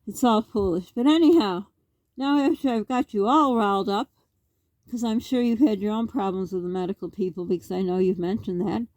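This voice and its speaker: Speaking quickly at a medium pitch, this Canadian woman in middle age sounds a little mellow, with no room sound around her. She addresses the camera directly in an agitated, meandering vlog full of rhetorical questions.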